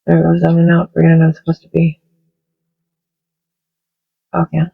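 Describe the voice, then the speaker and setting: Gravelly, husky middle-aged woman chatting. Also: deep voice, monotone, normal speed, narrow, tinny audio. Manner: chatty and rambling, with soft laughs. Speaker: craft video host. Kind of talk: casual craft-with-me chat. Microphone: smartphone.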